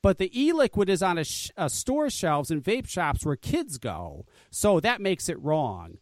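A high-voiced man tears into a critic with an angry, profanity-laden rant, his pitch leaping all over the place. The sound is dry and close, like a podcast mic. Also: huge pitch swings, unhurried, few pauses, no room sound. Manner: angry, profane, emphatic ranting. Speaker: podcast co-host.

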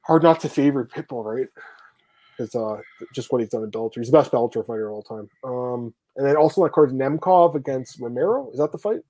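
A man hosting a casual podcast over a live video call, talking fast, cursing and laughing often. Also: mid-range voice, expressive, dark tone, no echo. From Canada. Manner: fast, profane, laughs a lot. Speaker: podcast host.

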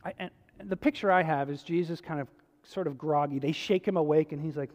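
A pastor preaching a sermon in a conversational way, swinging between emphatic stretches and hushed, low passages. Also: brisk. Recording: long hall reverb.

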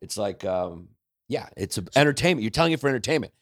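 A man talking as a guest comedian in casual podcast chat, relaxed and rambling with fillers. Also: on the low side, fast, no echo, studio quality.

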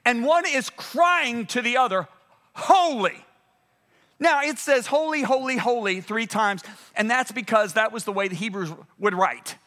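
A man preaching a sermon with a high, bright, forceful voice. He pushes words hard at the peaks, then sinks into hushed passages. His delivery is emphatic and dramatic throughout. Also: normal speed. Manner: emphatic, swings from loud urgent peaks to hushed low passages.

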